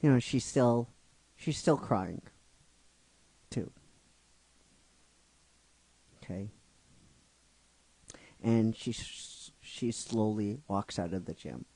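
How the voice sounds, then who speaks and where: A man's voice: lowish voice, animated, drawn-out words, pauses often, dark tone, dry recording. A middle-aged man casually narrating a fan-written story, rambling with frequent restarts and asides to his listeners. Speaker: narrator of a fan script series.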